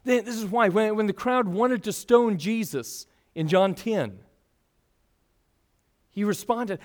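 A man's voice: high-pitched, slow, pauses often. A man preaching a sermon, teaching earnestly with rising and falling emphasis.

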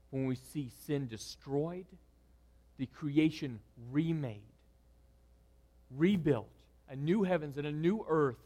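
A man preaching a sermon, moving between loud, emphatic lines and hushed, quiet ones. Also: a little high. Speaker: pastor.

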